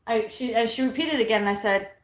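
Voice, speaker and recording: A woman's voice: a little high, quick pace, roomy sound. A young adult woman hosting a casual vlog, telling a story in a blunt, profane, indignant way. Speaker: host. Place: inside a car.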